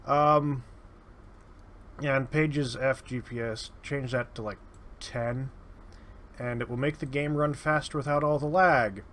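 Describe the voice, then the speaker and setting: A man's voice: medium pitch, fairly even intonation, unhurried, long pauses, fairly bright tone, a little hiss or hum. A man giving casual, sardonic gameplay commentary, muttering his way through lists of items. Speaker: let's play host. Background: keyboard typing.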